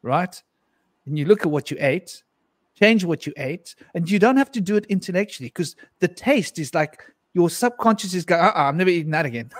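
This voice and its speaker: A middle-aged man tells a loose, rambling personal story to a live panel, chuckling between lines and slipping into voices for what others said. His voice sits a touch high for a man. The sound is close and dry. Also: animated, normal speed, dry recording. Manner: rambling, laughs often, acts out quotes. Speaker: panel guest.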